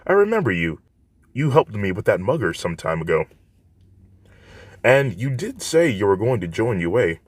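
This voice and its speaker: A man's voice: lowish voice, sing-song, moderate pace, long pauses, dry recording. A man voicing a polite, well-mannered teenage girl.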